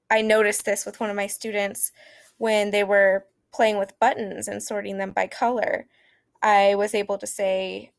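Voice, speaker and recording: Woman with a gravelly, dry voice. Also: medium pitch, dry recording. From Oklahoma. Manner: casual, hesitant with many fillers. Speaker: teacher. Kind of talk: informal lesson on early math.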